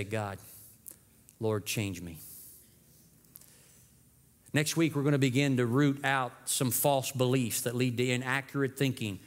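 A man preaching a sermon as lead pastor, telling a story with lively shifts and dropping low for dramatic lines. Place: church sanctuary. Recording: long church hall reverb.

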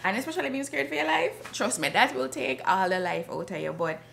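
A woman chatting casually in a travel vlog. She sounds husky and tired after just waking up. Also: medium pitch, big pitch swings, fairly quick, a bit bright, a little hiss or hum. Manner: chatty, shows items to camera. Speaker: vlogger.

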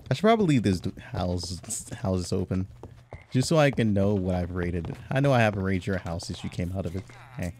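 A young man giving casual, swear-filled commentary while he plays a game, jumping from mumbling to loud high-pitched outbursts. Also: animated, fairly quick, slight background noise. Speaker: gaming YouTuber. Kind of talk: casual let's-play commentary.

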